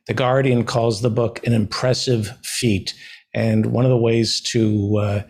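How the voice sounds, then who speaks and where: A man's voice: lowish voice, husky. A man hosting a comedic talk show, chatty and playful, repeating and spelling out his plugs.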